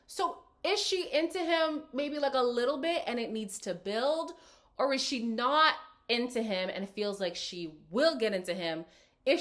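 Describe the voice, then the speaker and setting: A woman's voice: a little high, fairly bright tone. A woman hosting a reality TV recap, chatting casually and sassily with viewers and laughing often. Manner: sassy, laughing, talks straight to viewers. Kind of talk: casual reaction commentary.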